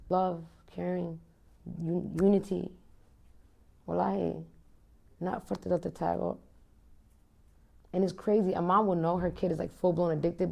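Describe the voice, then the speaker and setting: Speaking with a low, creaky, husky voice that has a warm tone, a U.S. woman in her thirties guests on a candid interview. She comes across as blunt and fervent and curses freely throughout the conversation.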